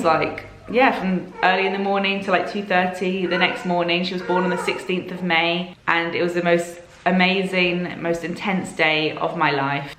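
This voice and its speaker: A woman's voice: fairly low pitch, a little hiss or hum. Chatty woman in an echoey room. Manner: chatty and animated, frequent "like" fillers. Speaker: vlogger. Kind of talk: casual storytelling to camera.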